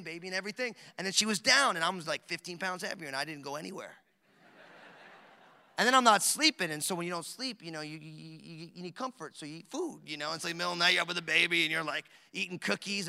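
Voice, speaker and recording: A pastor in his thirties delivers a lively sermon, his voice sitting high and sounding piercingly bright. He jokes and rambles through stories with plenty of fillers. The sound rings with the long reverb of a big hall. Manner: animated, joking storytelling with many fillers. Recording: echoey hall recording.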